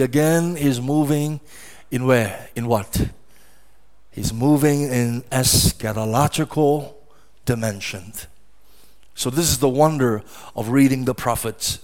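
A man preaching a sermon as pastor. He repeats phrases for emphasis and makes sudden, forceful rises in pitch and volume.

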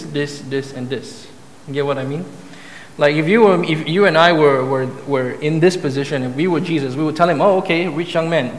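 A man's voice: fairly high pitch, a little hiss or hum. A man preaching a sermon, reading scripture aloud and then explaining it in a conversational way, with many restarts and asides. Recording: echoey hall, faint room ambience.

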